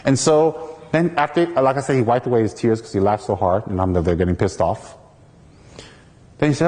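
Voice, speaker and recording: A man from the United States, a Buddhist teacher, giving a dharma talk through a lively personal story in which he acts out the people in it. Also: mid-range voice, moderate pace, in a large hall.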